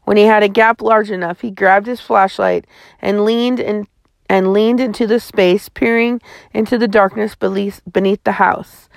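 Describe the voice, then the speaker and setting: A woman reading a children's novel aloud in first person, steady scripted narration. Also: medium pitch, normal speed, vocal fry, no echo. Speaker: audiobook reader.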